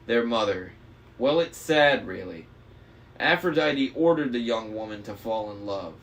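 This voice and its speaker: A man voicing a smug young male traitor demigod, smooth, mocking and persuasive. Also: medium pitch, lively intonation, measured pace, a bit bright. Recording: faint noise, slightly distant mic.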